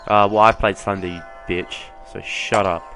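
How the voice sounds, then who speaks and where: Sarcastic young man with a low voice. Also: normal speed, soft background music. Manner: sarcastic and sweary, mocks the game's characters; reads the game's dialogue aloud in a flat voice. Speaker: let's play gamer. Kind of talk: casual gameplay commentary.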